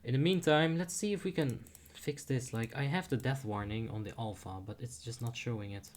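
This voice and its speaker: A man's voice: mid-range voice, brisk, a little mellow. A young man giving casual commentary while playing a game, chatty and self-deprecating, muttering asides to himself. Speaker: streamer.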